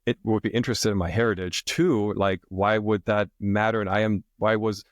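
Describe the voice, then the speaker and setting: A man with a fairly low voice shares a story on a podcast in a relaxed, casual way, often checking in with his listener. He grew up in Germany. The sound is dry and close. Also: normal speed, no room sound. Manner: relaxed, animated, tags lines with "right?". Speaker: podcast guest, author.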